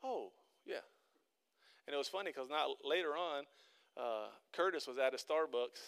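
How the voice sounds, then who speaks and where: Bright-voiced male pastor preaching. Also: on the high side, moderate pace, clear, resonant tone. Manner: conversational storytelling that builds into emphatic repeated exhortation. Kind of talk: sermon. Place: church.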